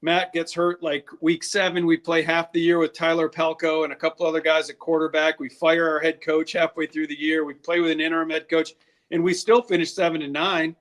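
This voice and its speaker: A man's voice: on the high side, little pitch movement, fairly quick, fairly bright tone. A man being interviewed as a guest, talking candidly with lots of restarts. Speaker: draft scout, guest. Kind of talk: casual interview talk.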